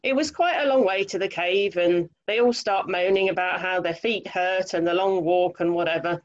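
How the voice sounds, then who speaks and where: A woman reading a children's story aloud over a video call, lively, expressive and chatty. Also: fairly low pitch, moderate pace, dull audio.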